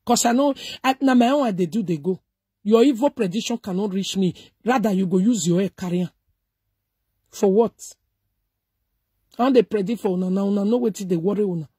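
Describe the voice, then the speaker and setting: A woman's voice: medium pitch, mellow, husky, no echo, clean studio sound. A middle-aged woman with a Nigerian accent giving emphatic, preachy commentary, mixing Pidgin and English. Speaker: social media commentator. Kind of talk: casual commentary.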